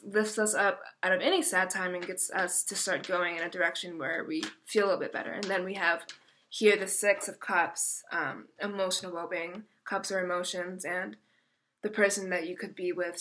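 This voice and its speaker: Young woman tarot reader, bright, crisp tone, casual and chatty, emotional, stops herself mid-sentence. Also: medium pitch, slight background noise. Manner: chatty, self-interrupting, emotional. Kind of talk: casual tarot reading video.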